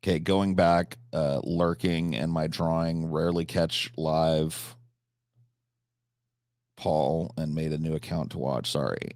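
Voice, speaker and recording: A man's voice: very deep voice, fairly even intonation, slow pace, darkish tone, no room sound, studio quality. A man chatting casually on a live stream, answering chat questions, swearing freely, with frequent restarts and fillers.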